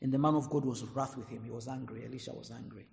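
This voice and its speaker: A man preaching a sermon, swinging between loud emphatic lines and quiet asides. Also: medium pitch, steady tone, fast talker, gravelly. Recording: echoey hall, long reverb.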